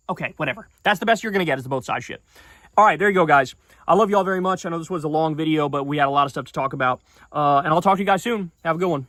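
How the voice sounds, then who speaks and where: A man's voice: sits high, expressive, racing, a bit bright, dry recording. A man giving heated, sarcastic and profane political commentary in a video.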